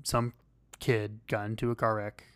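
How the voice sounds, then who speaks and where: A man co-hosting a podcast in casual chat, rambling and halting with many fillers and restarts. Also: fairly low pitch, little pitch movement, smooth, dry recording. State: losing his voice. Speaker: podcast co-host.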